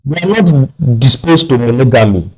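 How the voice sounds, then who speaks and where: A man's voice: medium pitch, animated, moderate pace, breathy edge. A man with a Nigerian accent, a guest on a radio talk show, arguing his views firmly and repeating words when pressed.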